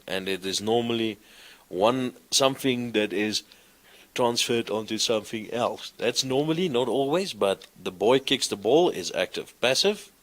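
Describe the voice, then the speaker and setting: A man teaching a class, explaining grammar slowly and reciting verb forms in a sing-song way. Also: lowish voice, a bit bright. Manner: slow, deliberate, recites conjugations in a sing-song. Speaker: lecturer. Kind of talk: classroom lecture.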